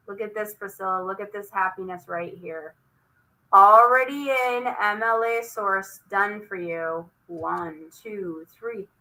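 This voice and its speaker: Woman, teacher, bright and forceful tone, upbeat classroom demo, coaxing. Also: medium pitch, low-quality recording. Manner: lively, coaxing, talks while clicking through a screen. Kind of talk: classroom demonstration over a video call.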